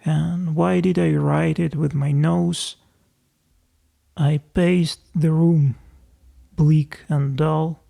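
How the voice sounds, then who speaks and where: A man reading a novel aloud as an audiobook narrator, in slow, deliberate storytelling. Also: on the high side, flat delivery, gravelly, warm tone.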